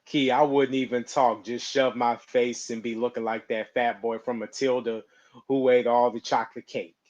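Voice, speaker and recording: A man's voice: medium pitch, level tone, moderate pace, a little mellow. A man chatting casually on a stream, rambling and laughing often. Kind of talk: casual live-stream chat. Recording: slightly dull lo-fi mic.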